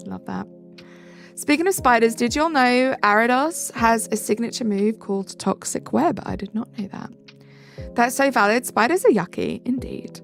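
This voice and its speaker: A young Englishwoman live streams, casually chatting back to viewer comments in a high-ish, creaky voice, with faint music behind her.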